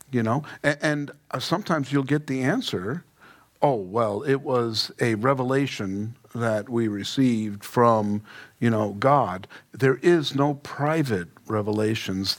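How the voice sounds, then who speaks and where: A man preaching a casual Bible-study sermon, informal and emphatic, with joking asides. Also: medium pitch. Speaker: pastor. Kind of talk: conversational Bible teaching sermon.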